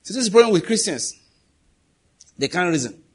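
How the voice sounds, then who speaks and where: A man's voice: high voice, sing-song, a little fast, breathy edge. A middle-aged man preaching a sermon in an emphatic, conversational way, firing off rhetorical questions.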